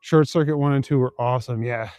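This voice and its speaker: Quick-paced and mid-range with a darkish tone, this young vlogger's voice comes through clean studio sound with no room sound as he livestreams a night walk through the city. He chats casually, reads and answers viewer comments, and rambles along laid-back, chuckling, full of fillers.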